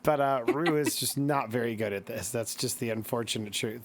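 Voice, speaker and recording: A man's voice: mid-range voice, moderate pace, a little hiss or hum. A man with a Midwestern accent, running a tabletop game as game master and explaining the rules in a casual, rambling way. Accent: Midwestern American.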